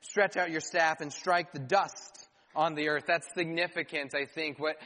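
A man's voice: on the high side, fairly even intonation, unhurried, pushed and bright. A man preaching a sermon as pastor, reading scripture aloud and adding rhetorical questions and dry asides. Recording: long hall reverb.

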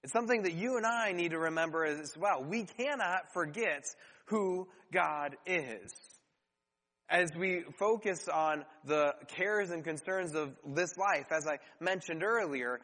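Male pastor, high-pitched, earnest sermon delivery, rhetorical questions, long church-hall reverb. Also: bright, forceful tone. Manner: earnest preaching with rhetorical questions and dramatic pauses.

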